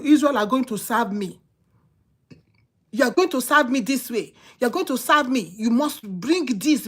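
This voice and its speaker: A woman with a Nigerian English accent preaches in an emphatic, repetitive way. Her voice sits a little high, and she moves between rousing calls and hushed asides. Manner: emphatic, repeats phrases, swings between loud exhortation and quiet asides. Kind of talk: sermon.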